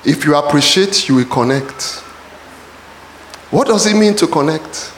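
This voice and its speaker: A man preaching a sermon in a church, often shouting calls to the congregation. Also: on the high side, lively intonation, a little slow, slight background noise. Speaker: pastor. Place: church hall. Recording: echoey church hall.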